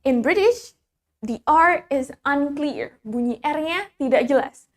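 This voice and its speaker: High-voiced woman teaching English. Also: lively intonation, a little slow. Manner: switches between English and Indonesian, drills words for repetition. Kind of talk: bilingual English lesson.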